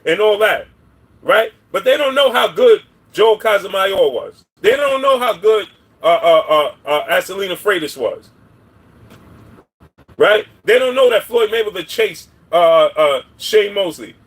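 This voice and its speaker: A man's voice: high-pitched, lively intonation, a little slow, a bit bright, slightly rough. A man hosting a casual livestream, giving opinions on boxing in a rambling way and greeting viewers by name. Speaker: boxing commentary livestream host.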